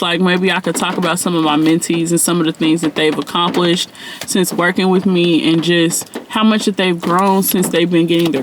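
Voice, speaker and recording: A man with a notably high voice speaks straight to his viewers as their spiritual mentor. His talk is loose and rambling, full of "like" and "um" and everyday slang, and it stays sincere and heartfelt throughout. A faint hiss of noise sits under the voice. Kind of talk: casual direct-to-camera vlog talk.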